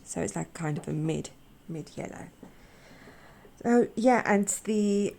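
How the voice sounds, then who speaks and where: A woman hosting an art channel, chatting casually with a croaky voice, gushing and halting with repeated words. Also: mid-range voice, dark tone. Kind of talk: casual chat.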